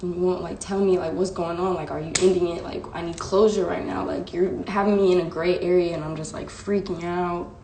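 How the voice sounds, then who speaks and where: A woman's voice: lowish voice, fairly even intonation, fairly quick, few pauses, dark tone, a little hiss or hum. A young woman vlogger telling a personal story casually and emotionally, full of slang and fillers. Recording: echoey room.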